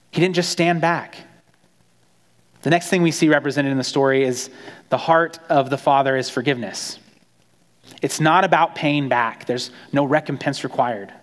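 Male pastor, conversational storytelling sermon, higher-pitched, echoing hall. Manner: conversational, animated storytelling with acted quotes.

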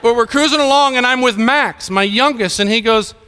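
Bright-voiced Midwestern pastor in a hall. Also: male voice, very high-pitched, fairly quick, clear, resonant tone. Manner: storytelling, acts out dialogue in anecdotes. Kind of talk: sermon. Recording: reverberant hall.

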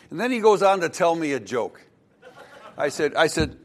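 A man's voice: on the high side, very animated, normal speed. A male pastor telling a joke in his sermon, in a folksy, chuckling storytelling manner.

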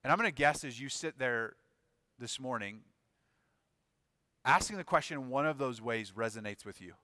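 A man's voice: mid-range voice, animated, moderate pace, pushed and bright, no echo, clean studio sound. A male pastor preaching a sermon, acting out the voices of biblical figures with shifting intensity.

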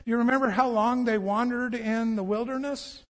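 High-voiced preacher in a reverberant hall. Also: male voice, normal speed. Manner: animated storytelling, acts out voices. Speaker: pastor. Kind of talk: sermon.

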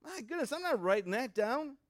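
A man's voice: extremely high pitch, big pitch swings, a little fast, no echo, studio quality, pitched above the performer's own voice. A man voicing a stubborn, forgetful elderly husband in a sermon joke, dismissive of his wife's reminders. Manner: dismissive, grows frustrated.

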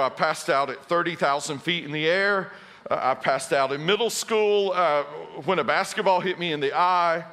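Male pastor, middle-aged, high bright voice, humorous storyteller in the pulpit. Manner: storytelling, self-deprecating humor. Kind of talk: sermon.

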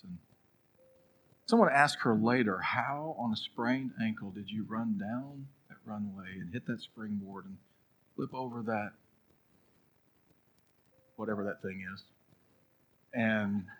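Husky-voiced male pastor preaching. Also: on the low side, low-quality recording. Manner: storytelling, swings from loud urging to hushed prayer. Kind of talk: sermon.

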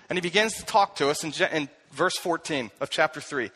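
A man preaching a sermon, telling the story with animated delivery and acting out the voices he quotes. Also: fairly high pitch, brisk, a little hiss or hum. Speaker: pastor.

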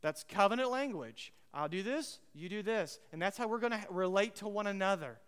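A man preaching a sermon as pastor, emphatic and repeating his key phrases, swinging between loud and hushed, and putting questions to the congregation. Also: high-pitched, expressive, normal speed, clean tone, in a large hall.

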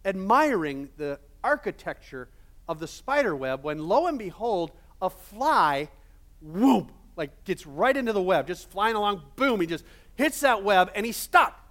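Animated high-voiced male pastor. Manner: casual, animated, many fillers. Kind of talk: sermon storytelling.

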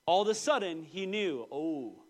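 A man in his thirties preaching a sermon, telling personal stories with lively, acted-out quotes. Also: normal speed. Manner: animated storytelling, quoting voices with big pitch jumps. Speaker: pastor.

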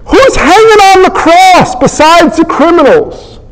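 A middle-aged man giving a humorous sermon, telling animated stories and acting out the people in them. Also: very high voice, a little slow, in a large hall, rough recording. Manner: animated storytelling, acts out characters. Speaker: preacher.

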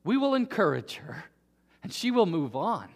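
A man preaching a sermon, earnest, dropping to a hush and then rising to emphatic peaks. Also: high voice, very animated, normal speed. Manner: earnest, swings from hushed to emphatic. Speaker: pastor. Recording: long hall reverb.

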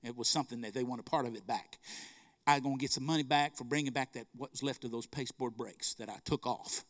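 A man's voice: medium pitch, fast talker, fairly bright tone. A middle-aged man preaching a sermon, telling stories with fervor and calling out to the congregation. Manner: fervent storytelling, calls to the congregation.

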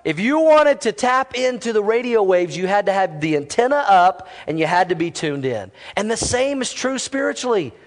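High-voiced lively preaching man. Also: big-room sound. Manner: lively, casual and conversational, quick asides. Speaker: pastor. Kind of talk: sermon. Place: church.

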